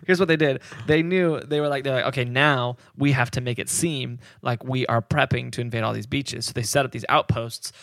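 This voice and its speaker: Male podcast host, mid pitch, loose rambling storyteller, close dry mic. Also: steady tone, fairly quick, few pauses, fairly bright tone, dry recording. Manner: rambling, many fillers, laughs a lot. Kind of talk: casual chat.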